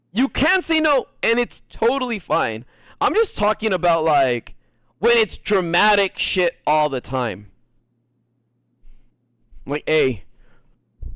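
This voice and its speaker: A man's voice: high voice, fairly bright tone, no room sound, studio quality. A man chatting casually on a stream, rambling with crude jokes and lots of fillers. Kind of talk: casual chat.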